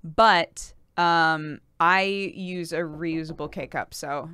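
A woman's voice: low-pitched, steady tone, drawn-out words, sharp tone, clear, resonant tone, no room sound, studio quality. A woman streaming to her viewers in casual chat, talking chattily with many fillers and giggles.

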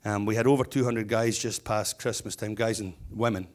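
A man's voice: on the low side, fairly even intonation, normal speed, a little mellow. A middle-aged man, a stonemason and business owner, giving a keynote speech full of humorous anecdotes and chatty restarts.

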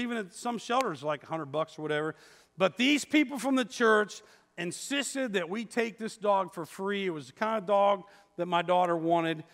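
Long reverb from the church hall surrounds a pastor in his 50s delivering a sermon in the sanctuary. His high-pitched voice sounds pushed and bright as he tells stories conversationally, poking fun at himself.

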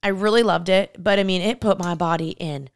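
A young woman co-hosting a casual podcast, giving earnest, heartfelt advice in a rapid flow of talk. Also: lowish voice, dry recording, clean studio sound. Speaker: podcast co-host. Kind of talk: casual chat.

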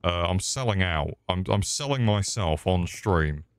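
A low-voiced British man streaming a game and ranting at it in casual commentary. He swears constantly and gets crude and mock-angry. His voice sits deep and gruff. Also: lively intonation, a little slow, dry recording.

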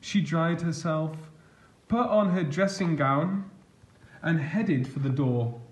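A man reading a picture book aloud as a storyteller, gentle and expressive. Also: a little high, slow pace, echoey room.

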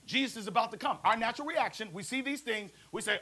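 A man preaching a sermon as pastor, lively and playful, calling on the congregation to answer back. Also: extremely high pitch, fast talker, few pauses, poor audio. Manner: preachy, call-and-response, playful asides. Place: church service also streamed to a prayer line.

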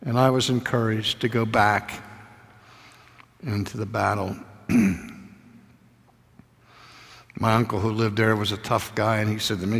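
A man's voice: on the low side, level tone, a little slow, vocal fry, pauses often, a bit bright. Older man, preacher, sermon, intimate storytelling, falls to a near whisper, long hall reverb.

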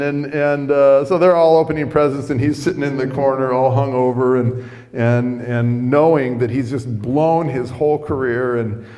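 A man's voice: mid-range voice, fairly even intonation, moderate pace, warm tone, big-room sound. A middle-aged man preaching a sermon as a chatty story, often repeating words as he starts his lines. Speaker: pastor. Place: church sanctuary.

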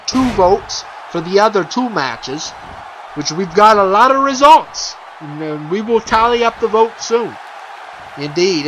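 Excitable high-voiced man calling game wrestling. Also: a little hiss or hum, poor audio. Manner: excitable, chuckling, many fillers and restarts. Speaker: video game commentator. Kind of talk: playful wrestling commentary over gameplay.

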